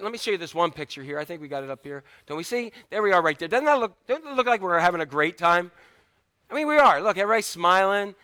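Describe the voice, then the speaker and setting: Middle-aged male pastor, high bright voice, humorous animated sermon delivery. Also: no echo.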